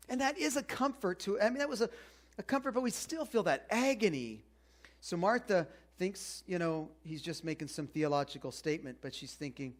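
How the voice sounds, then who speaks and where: A man's voice: high voice, animated, fairly quick. A man preaching a sermon in a casual, conversational way, asking the congregation questions as he goes. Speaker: pastor.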